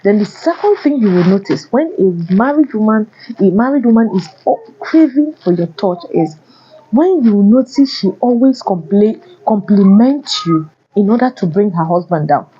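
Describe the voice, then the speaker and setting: A woman's voice: mid-range voice, lively intonation, normal speed, warm tone, dull audio, a little hiss or hum. A woman vlogger giving blunt, repetitive relationship warnings addressed to men. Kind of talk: casual advice monologue.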